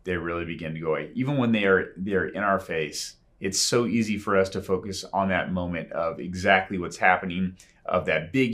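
A man preaching a sermon in an earnest, conversational way, pausing often as he speaks. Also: sits low, fairly bright tone. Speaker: pastor.

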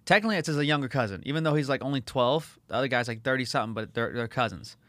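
A man's voice: medium pitch, a bit bright, no room sound. A man from Los Angeles hosting a casual chat, rambling and swearing as he tells funny stories from his childhood neighborhood. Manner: fast, rambling, swears a lot, acts out voices for laughs.

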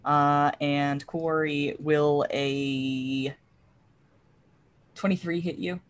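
A woman narrating a tabletop game as game master, describing scenes slowly with many ums and uhs. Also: sits low, level tone.

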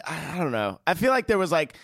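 A man's voice: fairly high pitch, sing-song, fairly quick, fairly bright tone, no echo, clean studio sound. A man co-hosting a casual movie review chat, hesitant at times, then emphatic. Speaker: podcast co-host.

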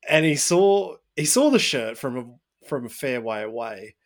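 A man's voice: mid-range voice, animated, normal speed. A man co-hosting a podcast, telling a story in casual chat and livening up when he quotes others. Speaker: podcast co-host.

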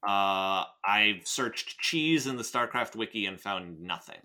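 An American man co-hosting a podcast, chatting and reading a story aloud in an animated way, often repeating himself. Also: fairly low pitch, takes it slowly. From United States. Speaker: podcast co-host. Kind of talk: casual chat and reading aloud.

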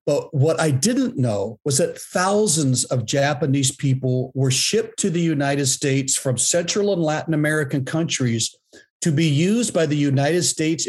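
A man in his fifties, a guest in a panel discussion, thinking aloud in a reflective way with pauses and restarts. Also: a little high, darkish tone.

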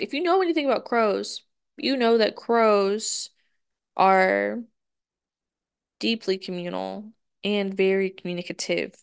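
A woman's voice: medium pitch, vocal fry. A woman hosting a podcast, telling a story in a chatty way, swearing freely and acting out her own quotes. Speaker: podcast host. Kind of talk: casual storytelling monologue.

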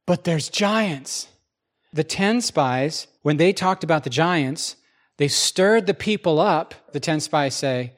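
A man preaching a sermon in a church, his voice sitting a little high for a man. He talks to the congregation like a conversation, asks them questions and acts out the people in his stories. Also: expressive, unhurried.

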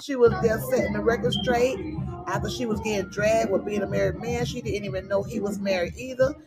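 A woman's voice: mid-range voice, steady tone, fairly quick, loud music behind the voice. A woman hosting a gossip podcast, reading out text messages with laughing, incredulous asides in casual commentary. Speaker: podcast host.

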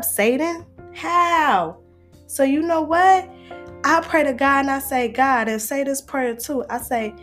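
Woman, casual vlog chat, playful, preachy, slightly high pitch. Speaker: vlogger.

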